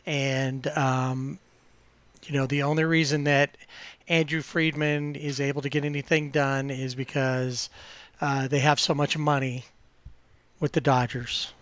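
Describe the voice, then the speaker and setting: A man's voice: medium pitch, level tone, unhurried, fairly bright tone, no room sound. A man co-hosting a podcast, chatting casually and rambling with many fillers and restarts. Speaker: podcast co-host. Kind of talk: casual sports chat.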